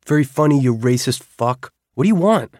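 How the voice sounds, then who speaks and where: Man voicing irritable teenage boy, raised pitch, louder, blunt, teasing, audiobook. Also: normal speed, no room sound, clean studio sound, lightly acted. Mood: irritated.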